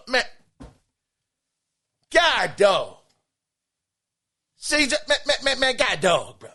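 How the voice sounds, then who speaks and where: A man's voice: very high voice, huge pitch swings, slow, long pauses, bright, forceful tone. A man hosting a podcast, reading a listener email in casual chat, exclaiming, laughing and stammering as he talks. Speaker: podcast host.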